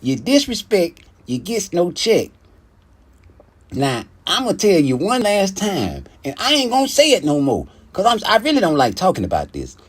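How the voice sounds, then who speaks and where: A man putting on a brash, boastful middle-aged male boxing executive who rants fast and swears a lot. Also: high-pitched, wildly swooping pitch, slightly rough, voice pushed up, heavily acted. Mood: scolding. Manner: profane, boastful, rapid ranting.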